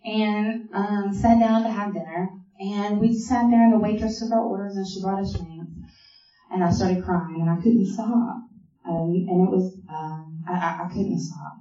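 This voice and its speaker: A woman's voice: medium pitch, fairly even intonation, normal speed, dark tone. A woman giving a personal testimony at a meeting, telling her story with lots of fillers and mimicking other people's voices. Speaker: speaker sharing a recovery story. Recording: echoey hall from far off, dull.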